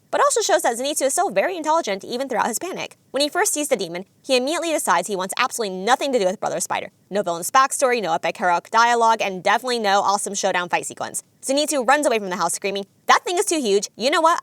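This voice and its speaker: A woman narrating a scripted anime video essay in a brisk, analytical, enthusiastic way. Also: on the high side, no room sound.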